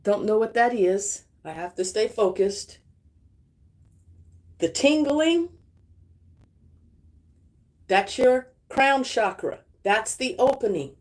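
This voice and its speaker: A middle-aged woman leading a live spiritual healing session as a guided meditation, slow and affirming, repeating her phrases. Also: a little high, lively intonation, poor audio.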